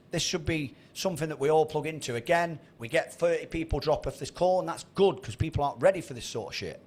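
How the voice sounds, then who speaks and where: A man in his thirties giving a blunt, sweary motivational talk to a trading group on a video call. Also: on the high side. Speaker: trading mentor.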